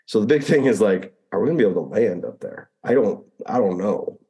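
A man's voice: on the low side, fairly quick, dull audio. A man who flew Apache helicopters, telling a combat story in a conversational interview, acting out radio calls and often restarting phrases. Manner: animated retelling, acts out radio calls, frequent restarts.

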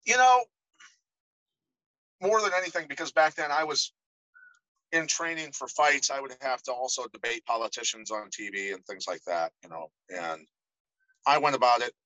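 A man's voice: mid-range voice, normal speed, pauses often, dry recording, lo-fi sound. A middle-aged man, a podcast guest, telling stories in a casual interview and animatedly acting out the voices of the people in them. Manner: animated storyteller, acts out quoted voices. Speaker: podcast guest, former fighter.

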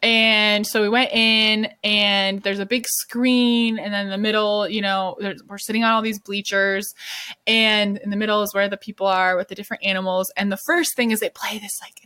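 A woman's voice: medium pitch, bright, forceful tone, no echo, clean studio sound. A woman co-hosting a podcast, chatting casually in a gushing, rambling way full of fillers. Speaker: podcast co-host. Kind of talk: casual chat.

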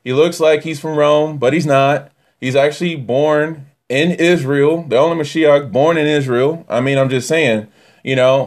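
A man giving a casual, animated Torah teaching that swings from near-yelling to quiet asides. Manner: animated, rising to near-yelling then dropping low.

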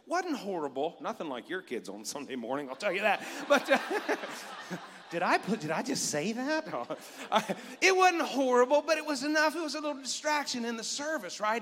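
A middle-aged man preaching a sermon as pastor, animated and joking with his congregation. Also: very high voice, normal speed. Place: church sanctuary. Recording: long reverb of a church hall.

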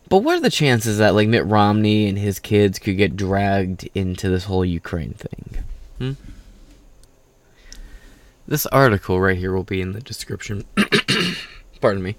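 A man's voice: on the low side, lively intonation, a little slow, pauses often. A tired man hosting casual political commentary, reading an article aloud with rambling, profane, sarcastic asides.

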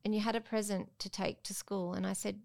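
A woman's voice: mid-range voice, a little fast, vocal fry. A middle-aged mother, telling family stories in a casual chat on a podcast. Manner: animated storytelling, acting out her daughter's voice. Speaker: guest mum.

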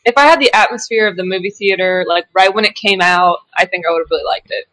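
A woman's voice: fairly low pitch, fast, pushed and bright, poor audio. A woman from Oklahoma co-hosting a podcast in casual chat, playful and eager to chime in. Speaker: podcast co-host.

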